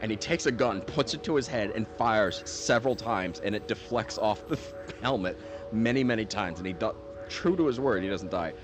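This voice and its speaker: A man's voice: on the low side, animated, moderate pace. A man streaming a game, rambling through casual commentary and laughing stories. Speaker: gaming streamer. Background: game music.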